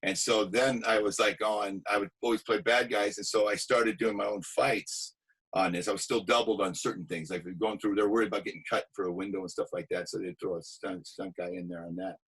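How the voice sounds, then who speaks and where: A man, an actor and stuntman, telling animated anecdotes in a casual interview, acting out quotes. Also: fairly low pitch, a little fast, husky, rough recording.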